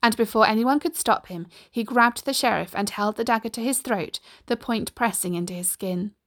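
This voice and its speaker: A woman narrating a storybook aloud, steady and expressive. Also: on the high side, normal speed.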